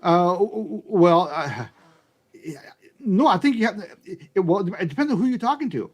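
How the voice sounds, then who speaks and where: A man with a fairly high, widely swinging voice talks in a loose, casual chat. He stumbles through restarts and fillers, then lands each point with firm emphasis. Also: animated, normal speed, husky. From United States. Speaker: YouTube channel host.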